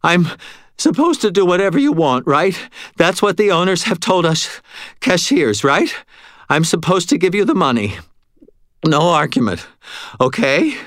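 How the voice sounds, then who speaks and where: A man voicing a stoned young male cashier who is frantic and pleading, his voice pushed high. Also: sing-song, takes it slowly, fairly bright tone, no echo, studio quality, full character voice.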